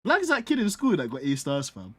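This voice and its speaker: Animated young London man, sim racer. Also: fairly high pitch, brisk, slightly rough. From North London. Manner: laughing, slangy, teasing. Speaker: sim racing streamer. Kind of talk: casual banter while gaming.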